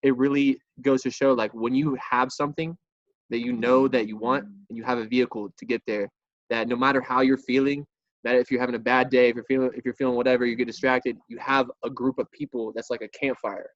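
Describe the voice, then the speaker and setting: A man's voice: mid-range voice, flat delivery, fast, no room sound. Encouraging man hosting a video call. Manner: encouraging, casual slang. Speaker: call host. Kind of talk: motivational talk. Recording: dull, dry video call audio.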